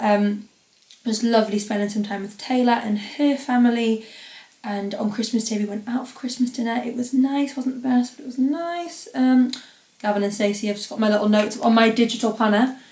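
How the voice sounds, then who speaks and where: A woman's voice: medium pitch, a little mellow. A young woman hosting a podcast on her own, chatting casually and rambling with lots of fillers. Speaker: podcast host. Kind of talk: casual solo podcast chat. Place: home podcast studio. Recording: roomy echo.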